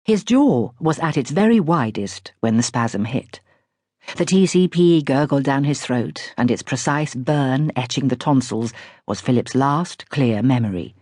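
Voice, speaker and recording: A woman narrating a literary novel in a wry, lively storytelling manner with speech. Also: very deep voice, a little slow, dry recording, studio quality. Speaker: audiobook narrator. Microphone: close studio mic.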